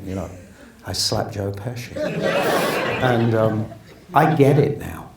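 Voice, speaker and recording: This actor, in his fifties, has a lowish voice with vocal fry and speaks at a measured pace, with crowd noise around him. In a relaxed interview he rambles through stories, often starting over and voicing what others said, with a distant mic picking up roomy echo and faint noise.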